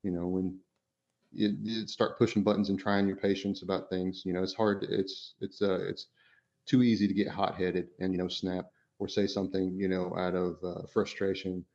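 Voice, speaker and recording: Low-voiced rambling dad on a podcast. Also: male voice, flat delivery, normal speed, a little mellow, dull audio. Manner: rambling, many "you know" fillers and restarts. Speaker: podcast co-host and father. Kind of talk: casual podcast chat.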